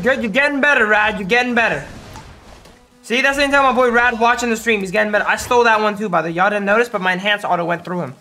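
A hoarse man streaming a game, giving hyped, trash-talking live commentary to his chat. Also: extremely high pitch, pushed and bright.

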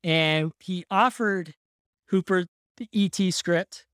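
A podcast host telling a story in casual chat, relaxed and laughing often. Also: mid-range voice, takes it slowly, no echo, studio quality.

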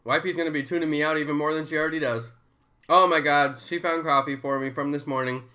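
A man in his thirties chatting casually and excitably on a live stream, often hyping and chanting. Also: on the high side, fast. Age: 30s.

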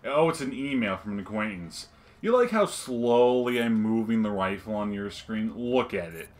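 Man, gameplay banter host, teasing and cursing, lively pitch. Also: normal speed. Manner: joking, swearing, teasing. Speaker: let's play host. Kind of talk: casual gameplay chat.

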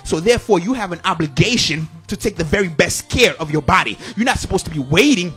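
A man's voice: high-pitched, animated, quick pace, fairly bright tone, slightly rough, faint music behind. A middle-aged male pastor from Haiti preaching a sermon at a church service, emphatic and repetitive, breaking into sung phrases and call-and-response.

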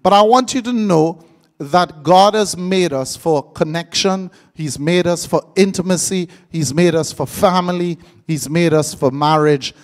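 A man's voice: on the high side, a little slow. A man preaching a live sermon, joking and quizzing his congregation. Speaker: pastor.

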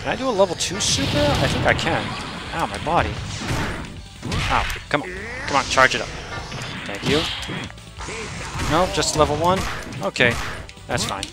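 Excitable man yelling over game music. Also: on the high side, moderate pace, long pauses. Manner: excitable, yells at opponents, laughs often. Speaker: gaming streamer. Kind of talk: live gameplay commentary. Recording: game music playing behind the voice.

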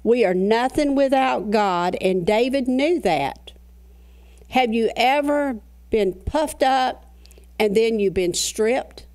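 A middle-aged woman pastor giving a sermon, earnest, slowing down to read scripture with emphasis. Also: a little high, animated, darkish tone. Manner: earnest preaching with slow emphatic scripture readings.

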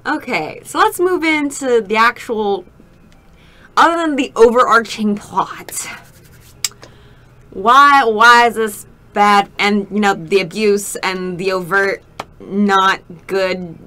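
A woman's voice: mid-range voice, takes it slowly, bright, forceful tone. A young woman co-hosting a casual chat, exasperated and mocking. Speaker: co-host.

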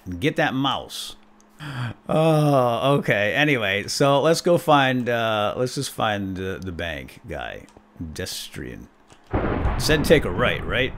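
Man, let's play host, animated and joking, big pitch swings. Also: slow, pauses often, faint music behind. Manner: animated, jokey, exclaims and laughs often. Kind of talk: casual gameplay commentary.

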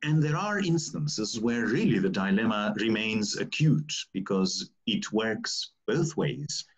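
A man hosting a conversation, speaking in a measured, deliberate way. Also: lowish voice, expressive, slightly rough. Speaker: host.

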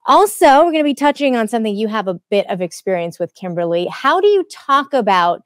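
A woman's voice: on the high side, sing-song, a little fast, dry recording, studio quality. Friendly woman hosting a tech podcast. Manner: friendly, laughs easily, restarts sentences. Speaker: host. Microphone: studio microphone.

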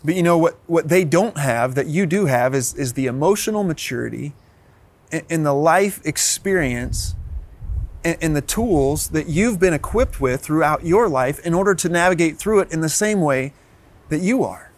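A man's voice: on the high side, animated, moderate pace. A man in his thirties, a pastor giving a sermon in an earnest way, often repeating words as he restarts.

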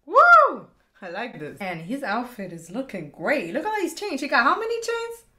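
A woman hosting a casual reaction chat, excitable, exclaiming and laughing often, swearing casually. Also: on the high side, fairly quick, soft background music. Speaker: reaction video host.

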